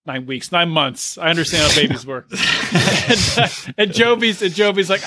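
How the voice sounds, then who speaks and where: A man's voice: a little high, lively intonation, normal speed, sharp tone. A man co-hosting a podcast, rambling in casual chat with restarts and asides. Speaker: podcast co-host.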